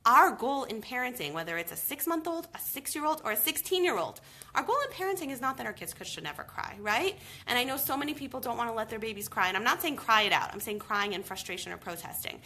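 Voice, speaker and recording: A woman in her thirties coaches parents on a live video, her voice bright and a little high. She talks emphatically, swinging her pitch widely as she drives each point home. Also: fast talker. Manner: emphatic, animated advice with lots of "okay?". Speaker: baby sleep coach. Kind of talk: live video Q&A, talking to viewers.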